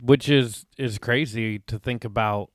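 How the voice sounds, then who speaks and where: A man's voice: medium pitch, measured pace, no echo, studio quality. A man co-hosting a casual true crime podcast with laid-back, joking banter, recording in a small hotel room. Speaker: podcast co-host.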